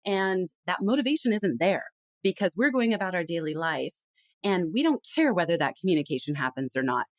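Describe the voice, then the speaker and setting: A woman's voice: fairly low pitch, big pitch swings, fairly quick, no room sound. A woman guest on a podcast, explaining in an earnest, conversational way and acting out example phrases. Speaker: podcast guest, communication consultant. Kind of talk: conversational interview.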